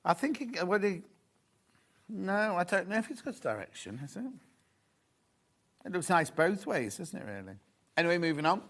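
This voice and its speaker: A man's voice: sits high, big pitch swings, moderate pace, pauses often, fairly bright tone. A man presenting fabrics on a live shopping channel in a TV studio, chatty and rambling, with gossipy asides. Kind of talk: live TV selling chat.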